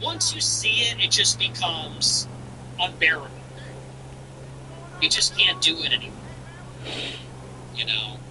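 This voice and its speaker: A man's voice: sits high, huge pitch swings, unhurried, long pauses, noisy background. A man hosting a livestream, chatting casually and ranting bluntly with frequent profanity. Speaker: livestream host.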